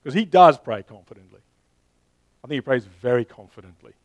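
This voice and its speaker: A man's voice: mid-range voice, lively intonation, fairly quick, no echo. A man in his thirties or forties preaching a sermon in a conversational way, often restarting phrases and speaking directly to his listeners. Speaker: pastor.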